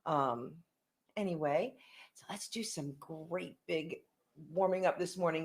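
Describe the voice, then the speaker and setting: A woman music teacher leading an online singing lesson from home, cheerfully coaxing her students through warm-ups at a desk microphone. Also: on the low side, unhurried. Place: home room with ukuleles.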